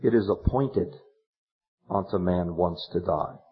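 A man preaching a sermon, retelling a counseling story, animated and swinging from hushed words to loud exclamations. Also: sits low, measured pace. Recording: dull lo-fi sermon tape.

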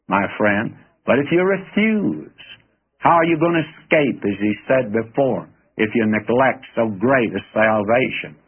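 A man's voice: medium pitch, breathy edge. A man preaching a radio sermon in a folksy, earnest way, talking straight to his listeners. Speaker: radio Bible teacher. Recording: tinny phone-like radio broadcast.

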